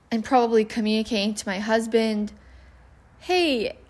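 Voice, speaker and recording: Candid, self-deprecating woman giving advice. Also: medium pitch. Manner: lists steps and questions. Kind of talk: casual advice monologue.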